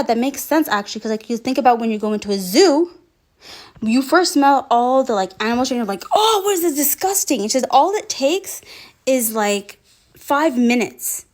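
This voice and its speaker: A woman giving an impassioned commentary video, speaking emphatically and pushing her voice up toward near-shouting. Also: on the high side. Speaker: social media commentator.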